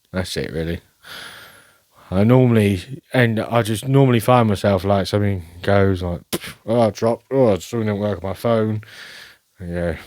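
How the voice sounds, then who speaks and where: A man's voice: on the low side, darkish tone, no room sound. A man hosting his own show, rambling through a casual, self-mocking monologue and laughing often. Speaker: podcast host.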